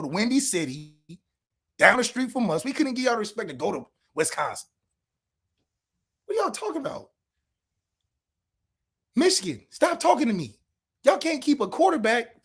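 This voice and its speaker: A man on a sports podcast, trash-talking in a sarcastic rant. His voice sits high and swings widely, and he fires off rhetorical questions that sometimes break into shouts. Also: slightly rough. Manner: shouts at peaks. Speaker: podcast co-host.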